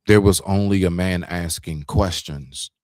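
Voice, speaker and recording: A man's voice: low-pitched, unhurried, no echo, clean studio sound. A man co-hosting a talk stream, arguing his point in a heated, emphatic casual debate. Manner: animated, confrontational, emphatic, demonstrates raising his voice.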